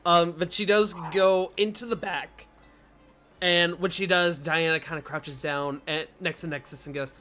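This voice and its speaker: A woman narrating a tabletop game as game master in a relaxed, halting way, with fillers. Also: lowish voice, soft background music.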